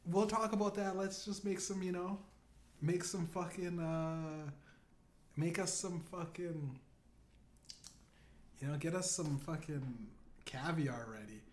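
A man's voice: fairly high pitch, steady tone, takes it slowly, long pauses. A man putting on a scheming powerful man. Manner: casual, profane, scheming. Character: menacing powerful middle-aged man, scheming. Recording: echoey room, faint noise.

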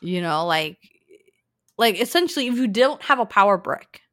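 A woman hosting a casual podcast, animated and talking straight to her listeners about the news. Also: medium pitch, moderate pace, no room sound, studio quality. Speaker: podcast host presenting news. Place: lives in New York.

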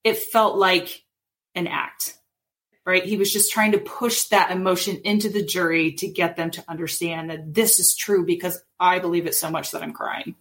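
A woman's voice: lowish voice, moderate pace. A woman in her thirties or forties co-hosting a casual true-crime podcast, retelling events and acting out quotes with animation. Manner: animated storytelling, acts out quotes. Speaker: podcast co-host.

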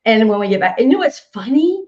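A woman's voice: on the high side, sing-song, fast, a little mellow, dull audio. A singer-songwriter woman from Nashville with a Southern accent, chatting casually in an interview, laughing often and restarting her sentences. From Nashville, Tennessee.

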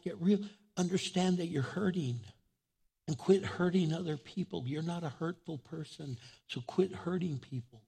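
A male pastor preaches with fervour and keeps repeating his calls to the congregation. His voice sits high and carries a husky, gravelly edge. His delivery is direct and exhortatory. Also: warm tone. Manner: fervent, repetitive exhortation. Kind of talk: sermon.

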